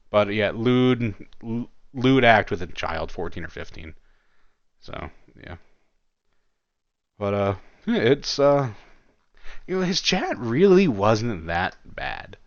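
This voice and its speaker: Low-voiced hesitant male commentator. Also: no echo, highs cut off. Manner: musing, hesitant, many fillers and restarts. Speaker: commentary host. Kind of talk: casual video commentary reading chat logs.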